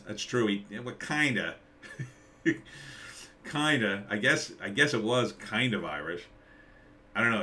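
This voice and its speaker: A man's voice: mid-range voice, pushed and bright. A middle-aged man hosting a live stream, rambling sarcastically and reading out chat comments. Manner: rambling, sarcastic, reads chat names aloud.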